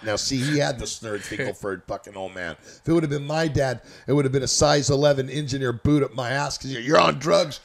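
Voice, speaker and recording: A man from Northern California with a gravelly, creaky voice tells a story in a relaxed, rambling way, and he swears freely. His pitch sits in the middle of the usual range for a man. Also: brisk, few pauses. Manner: profane, loose and rambling. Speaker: storyteller guest. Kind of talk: casual anecdotal storytelling.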